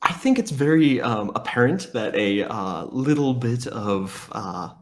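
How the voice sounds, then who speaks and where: A man playing in a tabletop game, speaking in a hesitant, halting way. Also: mid-range voice, lively intonation. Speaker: player.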